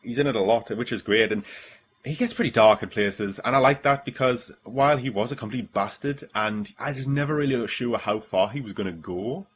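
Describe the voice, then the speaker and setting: A man's voice: mid-range voice, a little fast, slightly rough. A man from the UK hosting a casual film review chat, rambling with lots of fillers and swearing freely. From United Kingdom. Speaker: film review podcast host.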